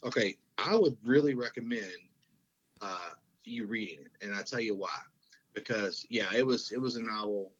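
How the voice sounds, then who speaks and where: A man's voice: lowish voice, moderate pace, husky. A man in his thirties, chatting casually, rambling with lots of fillers, restarts and swearing. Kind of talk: casual chat. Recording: dull lo-fi sound.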